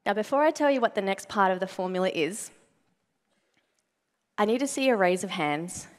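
Woman motivational speaker, young adult, animated storytelling, asks the audience questions, acts out her own lines, voice of moderate pitch. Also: moderate pace. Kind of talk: storytelling keynote talk to a live audience.

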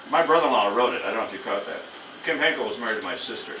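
A man's voice: fairly low pitch, lively intonation, racing. A man in his sixties, a guest actor at a live Q&A, rambling through anecdotes with lots of laughter and swearing. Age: 60s. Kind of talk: casual storytelling to an audience. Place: small underground venue with an audience. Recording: echoey room from far off, loud noise.

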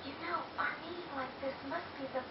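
A woman voicing a gentle, earnest young woman summoner in a video game, speaking softly and politely. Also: sits high, fast, lightly acted. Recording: distant, echoey, dull game audio with loud ambient noise.

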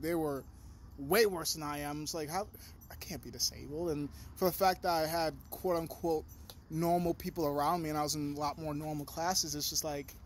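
Talking straight into the camera, a young male vlogger with a notably high voice rambles through a casual monologue, swearing freely and hopping between thoughts as he grows animated. He uses a high sing-song when addressing his dog, and a faint hum lies under his voice.

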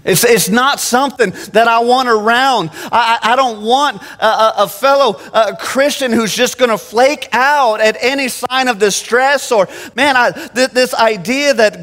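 A man preaching an animated sermon from the pulpit, often restarting his phrases. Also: extremely high pitch, a little slow, few pauses. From Phoenix. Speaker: pastor. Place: church sanctuary. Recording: long church-hall reverb.

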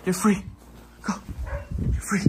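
A man filming a casual family vlog, shouting frantically before he breaks into laughter. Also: slow pace, background noise. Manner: loud and frantic when confronting, laughing afterwards. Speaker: vlogger.

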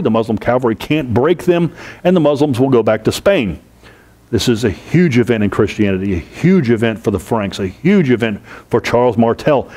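Man giving a slow, emphatic history lecture. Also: medium pitch, darkish tone. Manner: explains with repetition and rhetorical questions, slows to stress key terms. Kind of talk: classroom lecture.

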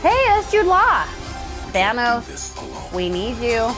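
Young woman gushing and giggling over trailers, voice jumps all over, slow and drawn out, music going underneath. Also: a little high, very animated. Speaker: vlog host. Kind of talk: excited fan reactions. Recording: music playing behind.

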